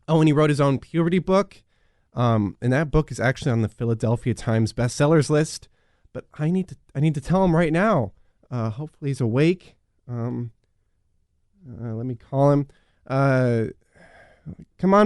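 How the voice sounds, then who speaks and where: A man's voice: mid-range voice, lively intonation, moderate pace, long pauses, a little mellow, no room sound, clean studio sound, natural voice. A man playing a naive, overexcited radio host who stammers and gushes in a satirical radio sitcom. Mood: chatty. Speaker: show host.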